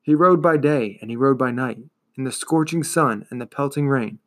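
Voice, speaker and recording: A man reading a fantasy novel aloud in a measured, expressive storytelling manner. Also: mid-range voice. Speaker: reader.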